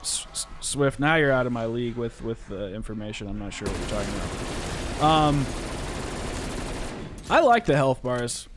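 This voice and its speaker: A man's voice: medium pitch, sing-song, normal speed, long pauses, noisy background. Chatty man streaming over faint gunfire. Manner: chatty, rambling, reads chat aloud. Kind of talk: casual live-stream chat while gaming.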